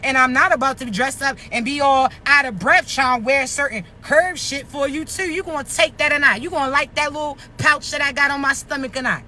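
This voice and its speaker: A woman's voice: high-pitched, fairly quick, hardly any pauses, pushed and bright. Blunt, profane woman in her thirties. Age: 30s. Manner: blunt, profane, rhetorical questions. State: short of breath. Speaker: vlogger. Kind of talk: casual rant to camera.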